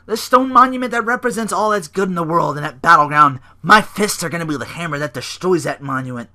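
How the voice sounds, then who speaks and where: A man's voice: fairly high pitch, fast, pushed and bright, pitched above the performer's own voice. A man doing a creepy preaching cult-leader wrestler. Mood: menacing. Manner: theatrical, sermon-like menace, sudden cackles.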